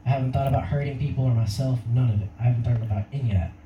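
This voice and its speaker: A man's voice: mid-range voice, racing, roomy sound, recorded from a distance, dull audio, a little hiss or hum. A young man giving his personal testimony in a casual, rambling way, laughing often. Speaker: testimony speaker.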